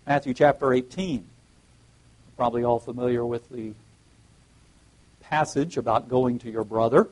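A man preaching a sermon at a middle pitch, working through scripture passage by passage. He rises in pitch and volume on the quoted verses, then drops back into a plainer teaching tone, often restarting his phrases. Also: steady tone, measured pace, pauses often, darkish tone, low-quality recording. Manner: reads scripture aloud with emphatic rises, frequent restarts.

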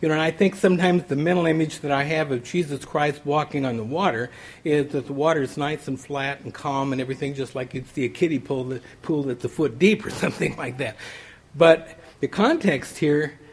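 Man, sermon, husky, slightly high-pitched, conversational. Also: normal speed. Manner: conversational, many restarts and "you know". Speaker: preacher.

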